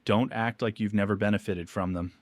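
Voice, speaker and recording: A man's voice: fairly low pitch, fairly even intonation, a little fast, no echo, lightly acted. A man voicing a scornful young adult sister who talks in a sneering, dismissive way.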